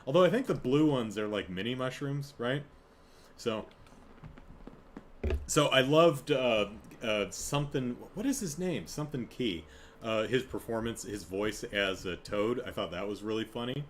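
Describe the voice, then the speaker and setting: A man's voice: medium pitch, lively intonation, unhurried, a little hiss or hum. A man hosting a podcast, chatting casually and rambling through a review, breaking off to laugh and act out quotes. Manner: rambling, self-interrupting, laughs, acts out quotes. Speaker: podcast host. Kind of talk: casual solo review chat.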